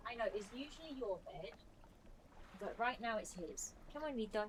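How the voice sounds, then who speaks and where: A chatty woman streams a game from home, her voice sitting at an ordinary middle pitch. She breaks off to coax and coo at her dog, then drifts back to casual chat. A faint hum of room noise stays under her voice. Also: animated, normal speed, poor audio. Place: home room with a fan running.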